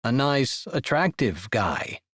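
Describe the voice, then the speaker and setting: Expressive male audiobook narrator. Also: mid-range voice, takes it slowly, breathy edge, no echo, clean studio sound. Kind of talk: scripted romance narration.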